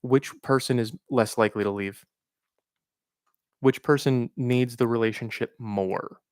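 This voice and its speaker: A man hosting a live question-and-answer stream, reading out viewer questions and giving frank, reflective advice with pauses and fillers. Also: medium pitch, steady tone, no echo, clean studio sound. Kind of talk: casual livestream Q&A.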